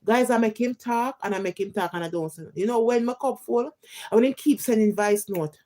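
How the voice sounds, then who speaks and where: A woman's voice: on the high side, a little fast, mellow. A woman from Jamaica with a Jamaican accent, ranting heatedly in emphatic patois on a live stream. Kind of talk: casual live-stream rant.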